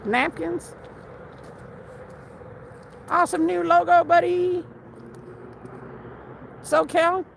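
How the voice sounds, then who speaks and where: High, gravelly woman streamer laughing. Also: flat delivery, drawn-out words, pauses often, a little hiss or hum, low-quality recording. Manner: laughs constantly while reading chat. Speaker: live streamer. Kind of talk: casual live-stream chat reading.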